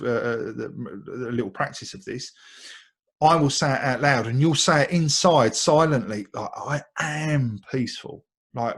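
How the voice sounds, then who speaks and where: Essex bloke, husky voice, friendly meditation teacher who keeps it light. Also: male voice, medium pitch. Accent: Essex English. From Essex, England. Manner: light-hearted, repeats words, laughs often. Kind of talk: guided meditation talk.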